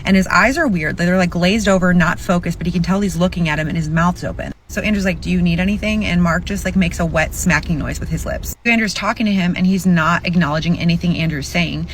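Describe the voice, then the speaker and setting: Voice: mid-range voice, quick pace, hardly any pauses, a bit bright, slight background noise, poor audio. A storyteller recounting a story in a chatty, casual way, full of "like". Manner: chatty, fillers of "like".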